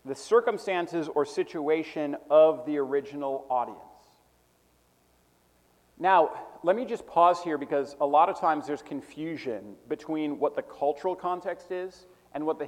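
A man teaching a preaching class, defining terms methodically and repeating them slowly so students can take notes. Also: a little high, darkish tone, long reverb tail. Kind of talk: classroom lecture.

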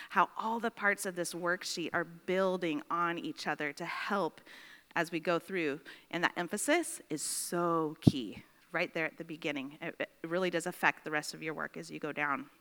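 Woman Bible teacher, lower pitch, bright voice, long reverb, slow dictation, asks "right?". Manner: slow, deliberate dictation with repeated phrases; friendly, checks in with listeners. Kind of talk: classroom teaching. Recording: long reverb in a large room.

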